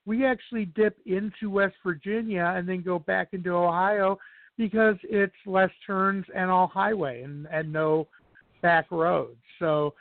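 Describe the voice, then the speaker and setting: A man's voice: high voice, steady tone, measured pace, no room sound. A man as a podcast guest in casual chat, rambling through anecdotes with many restarts. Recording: dry tinny phone-like sound.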